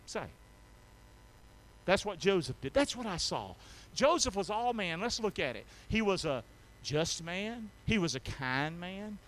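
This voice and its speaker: A male pastor preaching a sermon in a church, drawing call-and-response from the congregation and swinging from soft asides to shouted emphasis. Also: sits high, sing-song, a little slow. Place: church sanctuary.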